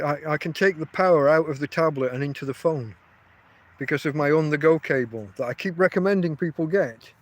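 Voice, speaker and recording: A man, chatting casually and rambling on a livestream from outdoors. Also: on the high side. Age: 50s. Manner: rambling, chatty, often restarts his sentences. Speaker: livestream host.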